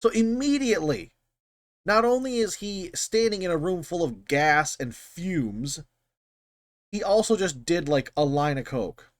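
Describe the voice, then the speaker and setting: A man's voice: a little high, no room sound, studio quality. A man hosting his channel, talking through a film scene in casual, rambling commentary with frequent swearing. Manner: rambling, profane, animated. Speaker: channel host.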